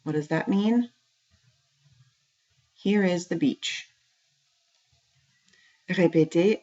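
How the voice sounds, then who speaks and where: Speaking slowly and pausing often, a woman with a mellow, lowish voice leads a French class. She offers French phrases with patience, then gives their translations, all captured on a dull lo-fi recording.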